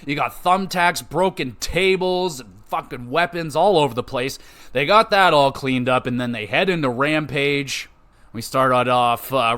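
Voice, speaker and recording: A man's voice: medium pitch, smooth. A man hosting a podcast, gushing and swearing as he recaps a show he loved. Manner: excitable, profane, gushing fan. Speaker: podcast host.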